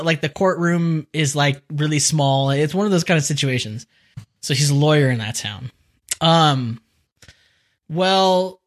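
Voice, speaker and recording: Young male podcast co-host, slow, animated delivery, rambly and giggly. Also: a little high. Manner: laughs often, rambling with many fillers. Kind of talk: casual chat.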